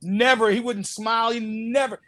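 A man telling animated anecdotes as an interview guest, acting out quotes and laughing often. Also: extremely high pitch, normal speed, no room sound. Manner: lively storyteller, acts out quotes, laughs often. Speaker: actor guest telling stories.

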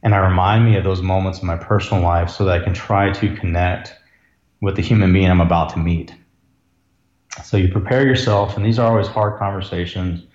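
A man's voice: low-pitched, steady tone, a little fast, darkish tone. A man, an ER doctor telling a story as a podcast guest, earnest and reflective. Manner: earnest, reflective, emotional at times. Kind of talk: conversational storytelling. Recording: roomy, dull lo-fi sound.

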